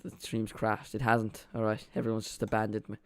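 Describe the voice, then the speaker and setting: A man's voice: lowish voice, monotone, fairly quick, smooth, no room sound. Rambling Irish man on a watchalong stream. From Ireland. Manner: chatty, rambling, with frequent restarts. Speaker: streamer hosting a football watchalong. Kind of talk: casual live commentary.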